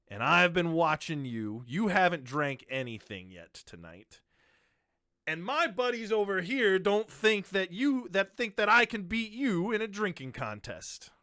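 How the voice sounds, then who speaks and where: A man's voice: a little high, pushed and bright, no echo, clean studio sound, exaggerated voice. A man voicing a boisterous male dwarf who taunts a newcomer into a drinking contest. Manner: brash, taunting, cocky.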